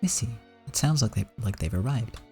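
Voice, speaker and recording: Male bodyguard figure, easygoing, teasing, low voice, gravelly, read by a man. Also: animated, fairly quick, a little mellow, soft background music.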